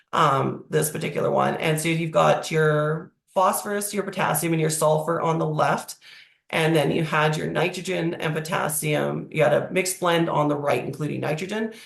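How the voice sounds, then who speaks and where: A presenter with a croaky, hoarse voice from a cold, explaining slides in a webinar over a video call. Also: medium pitch, fairly bright tone. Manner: explanatory, walking through slides. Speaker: agricultural presenter. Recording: echoey room.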